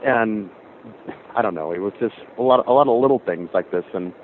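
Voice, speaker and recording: Man caller, low voice, quick rambling delivery, tinny phone line. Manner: rambling, animated storyteller. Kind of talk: call-in storytelling. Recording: phone line with faint hiss.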